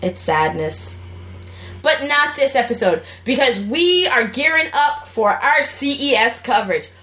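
A young woman co-hosts a casual gaming and gadget podcast, chatting in a bubbly, joking way and rambling with fillers. Her voice sits a little high. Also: lively intonation, unhurried, sharp tone. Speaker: podcast co-host.

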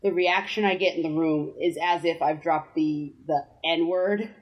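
A woman's voice: low-pitched, steady tone, a little slow, muffled recording. A woman from Massachusetts co-hosting a casual podcast, wry and self-deprecating, laughing often. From Massachusetts, USA. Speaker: podcast co-host. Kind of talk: casual chat.

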